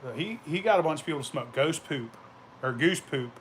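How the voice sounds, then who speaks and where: A man's voice: a little high, animated, fairly quick, slight background noise. A man vlogging casually, telling rambling, profane anecdotes and laughing as he goes. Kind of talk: casual storytelling.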